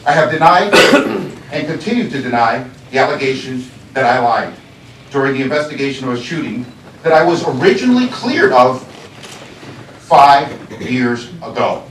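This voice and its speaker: A man serving as county sheriff, addressing a board meeting in its chambers, speaking deliberately and accusingly and repeating phrases for emphasis. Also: medium pitch, fairly bright tone, slight background noise. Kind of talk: public address at a government meeting. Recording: echoey chamber, voice from far off.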